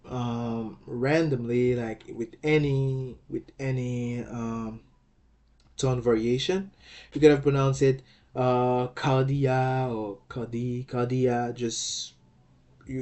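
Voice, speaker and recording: A man teaching a language lesson, explaining step by step in a deliberate way, often rephrasing himself and adding fillers. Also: medium pitch, mellow.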